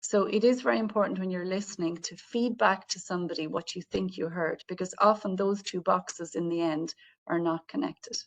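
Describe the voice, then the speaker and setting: A woman's voice: on the low side, fairly even intonation, normal speed. A woman giving an online training webinar over a video call, explaining things in a friendly way and speaking directly to the participants. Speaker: webinar presenter on healthcare communication.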